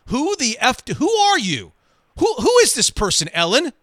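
A man's voice: sits high, expressive, normal speed, no room sound, studio quality, heavily acted. A man putting on a furious, drunk older male coach who screams threats. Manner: shouting, table-pounding rant.

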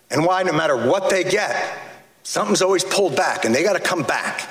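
A man giving angry, impassioned testimony at a hearing, speaking forcefully and cutting into his listeners. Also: a little high, animated, normal speed. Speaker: advocate testifying before a legislative hearing. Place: large hearing room. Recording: roomy hall echo.

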